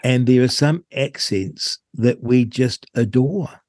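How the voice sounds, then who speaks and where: A man's voice: mid-range voice, slow, a little mellow, no echo, clean studio sound. A man, hosting talk radio in a chatty, enthusiastic way. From New Zealand. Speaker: radio host.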